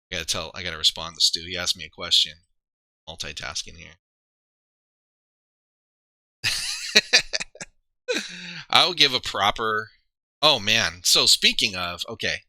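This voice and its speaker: Bright-voiced man rambling on stream. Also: deep voice, no echo. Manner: rambling, thinking aloud with many fillers and restarts. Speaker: streamer and league player. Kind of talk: casual livestream chat.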